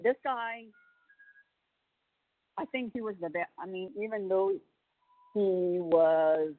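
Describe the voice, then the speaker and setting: A woman's voice: mid-range voice, slow pace, no room sound. A woman chatting on a phone call, retelling things in a rambling way with lots of fillers and restarts. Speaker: family member on a prison phone call. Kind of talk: casual phone chat. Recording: tinny prison phone line.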